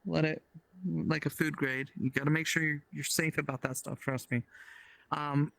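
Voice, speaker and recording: Co-host in casual podcast talk, mid-pitched, talkative, detailed explainer, dry close-miked sound. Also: little pitch movement, moderate pace, gravelly, fairly bright tone, dry recording. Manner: chatty, explains in detail with fillers.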